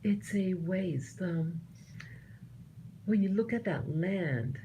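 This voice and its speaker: Slow, mellow-voiced woman musing earnestly. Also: lowish voice, muffled recording, slight background noise. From United States. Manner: earnest, halting, with many restarts. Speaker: vlogger sharing opinions. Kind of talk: personal commentary monologue.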